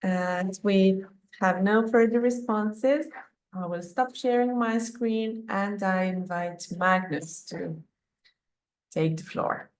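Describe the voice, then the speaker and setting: Slow, measured woman moderating a webinar. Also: medium pitch. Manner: measured, polite, giving instructions. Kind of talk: moderating an online training session.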